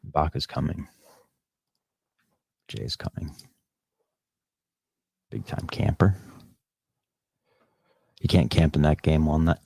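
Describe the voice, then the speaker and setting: A man's voice: extremely low pitch, slow pace, vocal fry, long pauses, darkish tone, breathy edge, dry recording. A podcast host on a casual live stream, rambling and swearing as he talks back to the chat comments.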